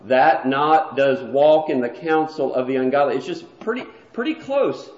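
A man's voice: medium pitch, lively intonation, normal speed, darkish tone. A man preaching an explanatory morning lesson in a church hall, walking listeners through a chart in a plain, teacherly way. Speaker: preacher teaching a Bible class. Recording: echoey, dull lo-fi room recording.

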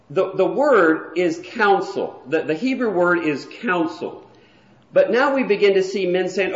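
Preaching a morning lesson in a church hall, this man has a high, expressive voice and speaks a little slowly. He explains a chart step by step in a plain teaching style, captured in an echoey, dull lo-fi room recording.

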